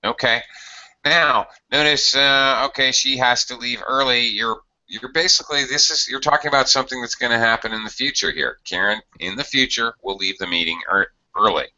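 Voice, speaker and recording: A man teaching an English grammar lesson, explaining slowly and patiently with frequent fillers. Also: medium pitch, bright, forceful tone. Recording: dull lo-fi audio.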